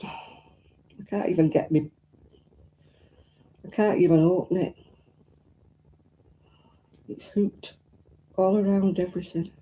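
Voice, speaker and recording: A woman's voice: on the low side, fairly even intonation, measured pace, pauses often, mellow. A woman, hosting a casual crafting live stream and chatting to viewers, fussing and exclaiming as she talks. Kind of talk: casual live-stream chat while crocheting.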